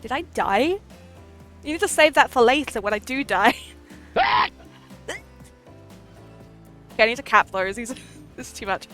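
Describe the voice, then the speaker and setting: A woman's voice: on the high side, lively intonation, measured pace, long pauses, a bit bright. A woman streaming a game live, chatting playfully with viewers, giggling often, and reading the game's text aloud. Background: faint game music.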